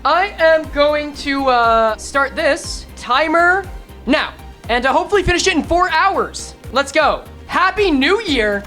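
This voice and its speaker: A young woman streaming a game, chatting with her viewers in an excitable, casual way. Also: unhurried, faint music behind. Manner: excitable, talks to chat, jumps into high exclamations. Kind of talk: casual live-stream chat.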